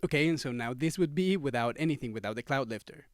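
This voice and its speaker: A man's voice: mid-range voice, lively intonation, fast talker, no echo. A man giving a casual, enthusiastic gear demo, talking to the viewer as a friend while he swaps studio microphones. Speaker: gear reviewer. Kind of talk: casual demo talk to camera. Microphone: studio microphones, swapped during test. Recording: dry close studio sound.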